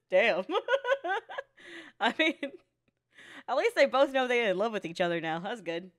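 High-pitched woman reacting to anime, swears a lot, laughs constantly, voice jumps all over the place. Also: takes it slowly. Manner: animated and profane, laughs often; candid storytelling about her past. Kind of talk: casual reaction commentary.

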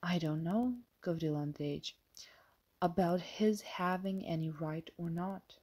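A woman reading the lines of a meek young laundress, soft and faltering. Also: on the low side, unhurried. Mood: timid.

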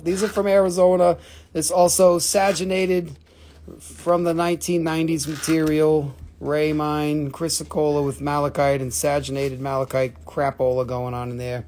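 Excitable man auctioning rocks live. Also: fairly high pitch, normal speed, slight background noise. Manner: excitable, swearing, self-mocking. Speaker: live-stream rock seller. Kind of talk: live auction sales stream. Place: shop.

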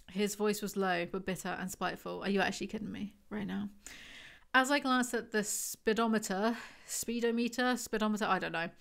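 A woman's voice: medium pitch, a bit bright. Sarcastic woman reviewing a book. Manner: sarcastic, wry asides between read passages. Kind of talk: book review vlog reading excerpts aloud.

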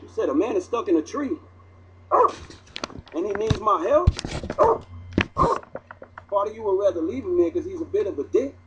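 A streetwise young video game hero, wry and profane, who meets odd events with incredulous cursing. His voice sits high for a man and moves a lot in pitch. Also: lively intonation, normal speed, long pauses, dull audio, noisy background.

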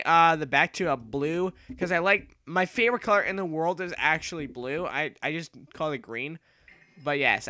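A young man commentating his own gameplay, excitable and rambling, yelling and repeating himself as he plays. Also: fairly high pitch, no echo, studio quality. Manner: excitable, yells and shrieks when playing. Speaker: gaming YouTuber.

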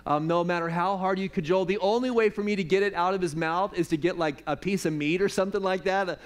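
Male pastor, sermon, chatty and joking, rhetorical questions, slightly high voice. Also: a little fast, few pauses. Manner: conversational preaching with jokes and rhetorical questions. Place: church worship service.

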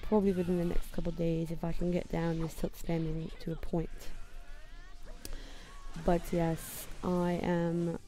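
A woman's voice: fairly low pitch, flat delivery, measured pace, warm tone, faint music behind. A young woman from the United States, using a put-on London accent in rambling, self-deprecating gameplay commentary from her bedroom. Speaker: gamer.

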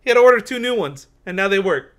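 Guy cohosting a podcast, high bright voice bouncing all over, laughing thru his stories. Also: lively intonation, fast. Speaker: podcast co-host. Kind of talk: casual storytelling chat.

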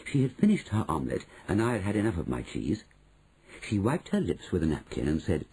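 A man narrating an audiobook in the first person. His voice is dark and mellow, with a very husky, breathy grain. His pitch moves in wide, lively swings. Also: brisk, low-quality recording.

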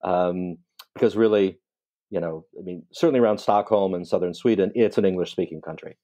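A middle-aged man with a very deep, mellow voice chats casually, wandering through wry asides and playful tangents. His talk is relaxed and unhurried in its turns. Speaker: guest on a call. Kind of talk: casual chat.

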